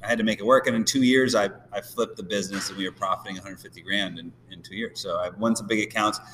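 A man's voice: fairly low pitch, fairly even intonation, quick pace. A middle-aged man from Illinois, chatting casually as a podcast guest, rambling with lots of restarts. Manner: rambling, restarts often, laughs easily. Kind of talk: casual chat. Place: event venue room. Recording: distant mic with hall echo and faint noise.

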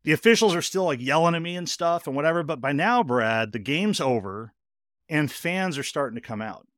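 A man hosting a podcast, telling a personal story in a casual, animated way, speeding up in bursts and saying "like" a lot. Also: a little high, fairly quick, no echo, studio quality. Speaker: podcast host.

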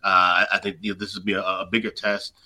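A man giving sports betting analysis in casual chat, talking rapidly with many fillers and restarts. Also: low-pitched, little pitch movement, pushed and bright.

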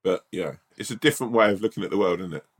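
A man's voice: deep voice, racing, husky. A man co-hosting a casual podcast, telling rambling hypothetical stories and laughing at them. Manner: rambling anecdotes, laughing at his own stories. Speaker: podcast co-host. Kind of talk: casual chat.

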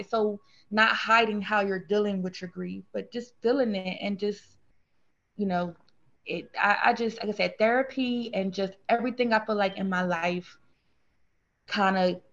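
Earnest woman with a gravelly voice. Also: medium pitch, muffled recording. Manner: earnest, rambling, animated when quoting others. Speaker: guest sharing grief story. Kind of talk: emotional conversational interview.

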